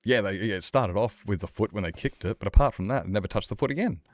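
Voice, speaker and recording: Deep-voiced man ranting on stream. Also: expressive, fast, no room sound. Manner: ranting, worked-up, playful. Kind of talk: casual live-stream chat.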